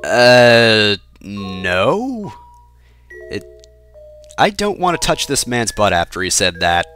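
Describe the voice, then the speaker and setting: A man's voice: on the low side, big pitch swings, slow, fairly bright tone, soft background music. A man giving sarcastic gameplay commentary, cracking jokes and talking back to the game's characters. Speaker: let's play host.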